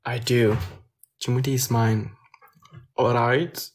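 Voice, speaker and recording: A man's voice: medium pitch, level tone, slow pace. Young man chatting on a phone live stream. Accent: Belgian French. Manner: reads comments aloud and answers, switching between English and French. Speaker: livestreamer answering viewer comments. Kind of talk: casual live-stream chat.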